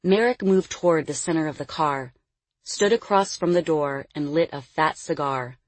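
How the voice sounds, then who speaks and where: A woman narrating an audiobook in a measured, expressive storytelling manner. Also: low-pitched, no echo. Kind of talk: scripted narration.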